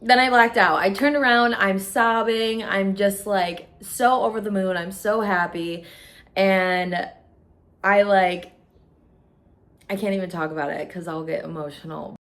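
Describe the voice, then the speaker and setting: A woman's voice: medium pitch, steady tone, a little slow, a bit bright. Young woman, chatty storytime vlogger; gushing, emotional delivery, mid-range voice. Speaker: beauty vlogger. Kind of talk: casual storytime chat.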